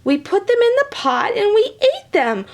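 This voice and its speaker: A woman voicing a small, forgetful male leprechaun who cries out gleefully in a very high voice. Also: very animated, moderate pace, exaggerated voice.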